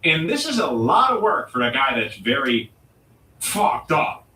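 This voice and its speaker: A man hosting a comedy show and delivering a provocative, mock-serious rant with dramatic pauses. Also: mid-range voice, very animated, pushed and bright. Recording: roomy echo, distant mic.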